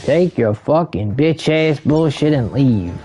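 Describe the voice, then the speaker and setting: Brief: angry profane male streamer mid-rant, mid-pitched, game music underneath. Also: expressive, slow pace, warm tone. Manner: angry, heavily profane, ranting. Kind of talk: ranting gameplay commentary.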